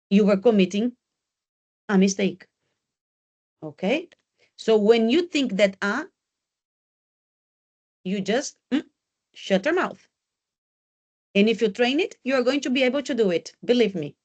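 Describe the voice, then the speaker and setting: A woman's voice: medium pitch, lively intonation, a little slow, pauses often, a little mellow. Woman English teacher in a classroom; direct, coaching delivery that drills key points. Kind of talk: exam preparation class.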